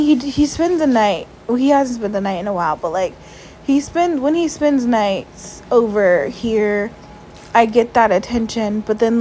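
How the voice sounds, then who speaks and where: A woman with a voice set a little high, speaking in a casual vlog voiceover while lying down at home. She sounds emotional and stressed, sighs often, and keeps reaching for "like" between her thoughts. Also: a little hiss or hum, rough recording. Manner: soft, sighing, frequent "like" fillers. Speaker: vlogger. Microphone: voiceover mic.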